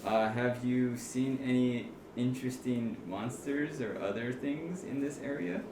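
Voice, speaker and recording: A man's voice: medium pitch, measured pace. A man playing a tabletop game, talking hesitantly and earnestly to the game master. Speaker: player. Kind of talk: casual tabletop play. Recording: roomy home recording with faint noise.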